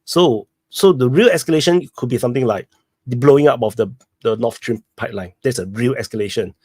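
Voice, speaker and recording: A man's voice: mid-range voice, fairly quick, a little mellow, breathy edge, dry recording. A man on a video call in a casual political discussion, speaking earnestly with slightly unusual phrasing. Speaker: open mic panelist.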